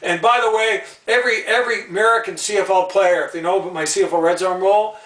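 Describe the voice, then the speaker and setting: A man rambles and rails in a video blog, doubling back on phrases and tripping over hard words. His voice sits a bit high. The sound is roomy, picked up from some distance. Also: fairly even intonation, quick pace, a bit bright. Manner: rambling and indignant, repeats himself, stumbles over words. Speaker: channel host. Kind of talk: rambling opinion vlog. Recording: roomy sound, away from the mic.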